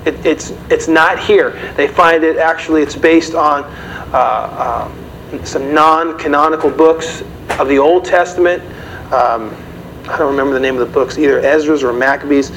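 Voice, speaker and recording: A man's voice: a little high, steady tone, normal speed, fairly bright tone. A man preaching a sermon in a conversational way, often asking the audience questions. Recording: dull, slightly noisy recording.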